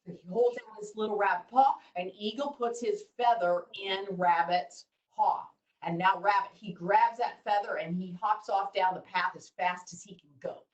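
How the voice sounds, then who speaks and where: A lively woman storyteller reads to kids on a video call and keeps asking them questions. The room gives her voice a roomy echo. The mic is set well away from her. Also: medium pitch, normal speed, hardly any pauses, distant mic, lo-fi sound. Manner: animated, asks the kids questions. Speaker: children's storyteller.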